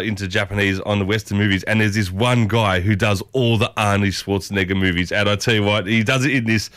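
A chatty Australian man hosts morning radio from a studio, rambling cheerfully with plenty of "uh"s. His voice sits at an ordinary middle pitch. The close microphone keeps the sound dry, with no room around it. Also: a bit bright, no echo. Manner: chatty, upbeat, rambling with fillers. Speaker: radio host. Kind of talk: casual morning radio chat.

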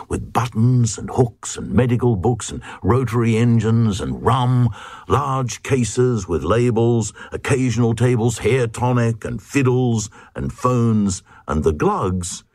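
A man's voice: on the low side, a little mellow, husky, no echo, clean studio sound. A man reading a comic verse story aloud in a playful, sing-song way. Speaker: reader.

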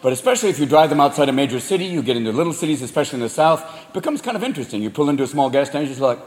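Animated profane stand-up comedian. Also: male voice, a little high, a little hiss or hum. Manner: profane, animated, rapid voices. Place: comedy club stage. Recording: echoey club with loud crowd laughter.

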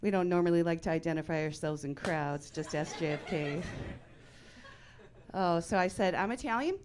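A woman in her forties performing a stand-up comedy set in a club, brash and deadpan, acting out the people she quotes. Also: fairly low pitch, moderate pace, background noise.

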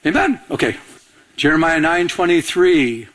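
A man's voice: a little high, moderate pace. A male pastor preaching a sermon, asking the congregation questions, leaving blanks for them to fill in, and laughing between points. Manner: animated preaching with call-and-response questions.

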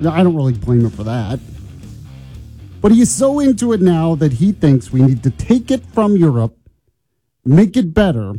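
A man's voice: a little high, big pitch swings, normal speed, long pauses, mellow, husky, faint music behind. A man hosting a morning talk radio show, chatty and opinionated, teasing listeners and colleagues. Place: radio studio.

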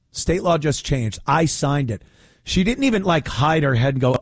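A man's voice: a little high, animated, normal speed, slightly rough, dry recording. Sarcastic new guy ranting, voice jumps all over, dead dry mic. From New York. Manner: sarcastic, mocking, exasperated. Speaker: political commentary host. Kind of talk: opinion commentary.

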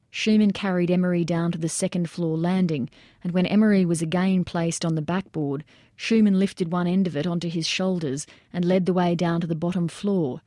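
A woman reading nonfiction narration aloud in steady storytelling style. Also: fairly low pitch, no echo, clean studio sound. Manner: steady storytelling that acts out shouted quotes.

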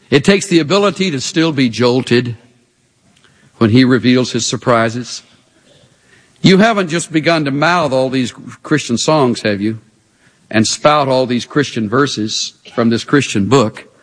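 A man preaching a sermon with animated, expressive delivery and rhetorical questions. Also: mid-range voice. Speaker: pastor. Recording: hall reverb.

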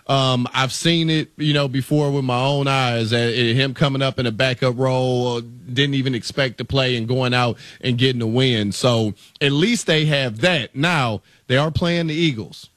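A man co-hosting a sports radio show, relaxed and joking, with plenty of fillers like "you know" and "um.". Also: mid-range voice, moderate pace, few pauses, no echo, clean studio sound. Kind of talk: casual sports radio talk.

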